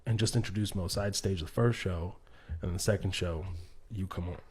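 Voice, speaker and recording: A man on a podcast telling a backstage story in a casual, animated way, acting out what others said and laughing often. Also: deep voice, moderate pace. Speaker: podcast guest, comedian.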